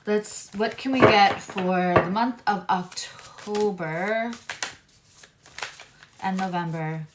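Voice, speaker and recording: A woman's voice: mid-range voice, slow pace, heavy background noise. A woman reading tarot cards on a live stream, chatting with viewers in a loose, digressive way. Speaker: tarot reader and astrologer.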